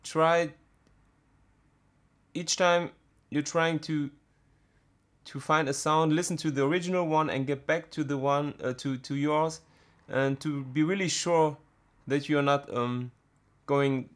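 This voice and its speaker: A man's voice: fairly high pitch, fairly even intonation. Hesitant man explaining drum production. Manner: halting, many fillers and restarts. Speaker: music production tutor. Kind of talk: screen-recorded software tutorial.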